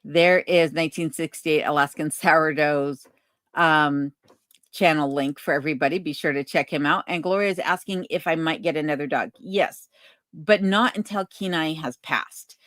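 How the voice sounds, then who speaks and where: A woman hosting a casual livestream Q&A from her cabin, reading viewer comments aloud and answering in an unhurried way with plenty of ums. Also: low voice, no room sound, clean studio sound. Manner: relaxed, unhurried, many ums, reads chat comments aloud. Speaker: channel host answering viewer questions. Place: home cabin in remote Alaska.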